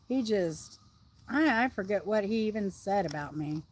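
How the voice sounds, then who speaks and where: A middle-aged woman from the American South hosts an outdoor livestream, chatting and rambling casually. Her mid-range voice has lively intonation and moves at a moderate pace.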